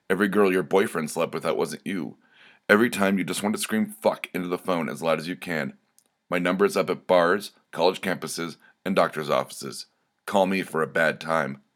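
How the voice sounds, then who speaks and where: Man reading dark comic short stories, very deep voice, deadpan, slow and deliberate, scripted narration.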